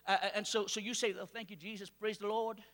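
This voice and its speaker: A man from Mauritius preaching a sermon to a congregation, calling for responses and rising to shouts. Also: high voice, flat delivery, quick pace. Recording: long hall reverb.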